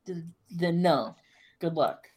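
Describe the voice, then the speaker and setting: A man's voice: fairly high pitch, slow pace. A man playing a tabletop game, answering in a flippant, sarcastic way. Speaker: player. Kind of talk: casual tabletop role-play.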